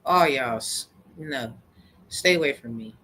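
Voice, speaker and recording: A woman's voice: rumbling low, a little slow, a bit bright, breathy edge. A woman telling a rambling, profane story in a heated personal rant to camera. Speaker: vlogger.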